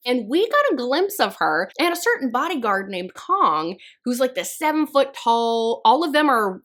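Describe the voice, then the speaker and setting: Woman, book reviewer, casual chat, lively sing-song pitch, chatty. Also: normal speed, few pauses. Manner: chatty, animated, laughs often.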